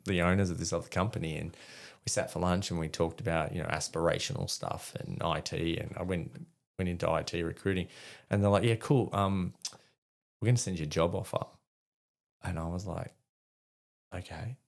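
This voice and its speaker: Australian veteran guest, very low gravelly voice, rambling storyteller full of fillers. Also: male voice, level tone, brisk. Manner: rambling, many fillers and restarts, acts out dialogue. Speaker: podcast guest, army veteran. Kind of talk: casual storytelling.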